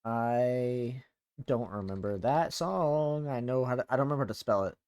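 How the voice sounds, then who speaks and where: A man's voice: medium pitch, moderate pace, darkish tone, smooth. A man streaming live as a VTuber, chatting casually, rambling and swearing freely.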